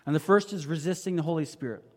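A man preaching a conversational sermon, his voice sitting a little high for a man. He asks the listeners rhetorical questions and swings between emphatic, raised lines and quiet, low asides. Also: fast talker. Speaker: pastor.

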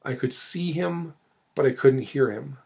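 Middle-aged guy telling his church testimony, earnest, lots of um and restarts, normal pitch. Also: vocal fry, a little mellow, slightly rough. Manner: earnest, halting, with many restarts and fillers. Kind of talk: personal testimony, storytelling.

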